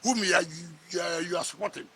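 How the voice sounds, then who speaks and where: A man's voice: high voice, fairly even intonation, fast, a bit bright, husky. A middle-aged man with a Nigerian accent, a politician sparring in a heated press interview, combative and scoffing, repeating his words.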